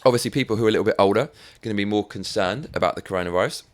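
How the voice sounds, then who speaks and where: A man's voice: fairly low pitch, very fast. An English man hosting his own show, delivering sweary, sarcastic commentary on the week's news. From England. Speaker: show host. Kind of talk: ranting commentary.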